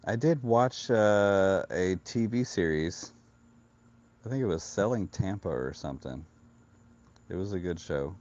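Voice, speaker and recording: A man's voice: fairly low pitch, animated, measured pace, a little mellow, dull audio. A man with a Southern California accent, live-streaming his trading while a few beers in, loose and joking as he chats with viewers. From Florida, US. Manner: loose, joking, chatty with viewers, laughs often. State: a few beers in, slightly tipsy. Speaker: live-stream futures trader. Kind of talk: casual live-stream chat.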